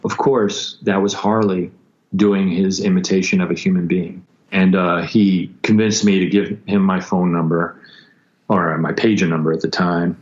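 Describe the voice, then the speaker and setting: A man recounting a painful story as a podcast guest, intense and halting, with frequent restarts and acted-out quotes. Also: deep voice, flat delivery. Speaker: guest musician. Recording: dull lo-fi sound.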